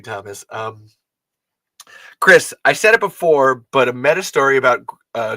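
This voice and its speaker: On a laid-back livestream, a podcast host jokes around and rambles to his audience, sometimes breaking into high-pitched squeals. He has a creaky, sharp-toned voice, captured in a dry recording.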